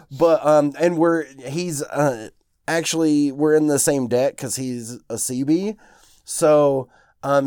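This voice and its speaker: A man's voice: fairly high pitch, darkish tone, no room sound, studio quality. A young man co-hosting a casual podcast, telling a rambling story full of fillers on a lavalier mic. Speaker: podcast co-host.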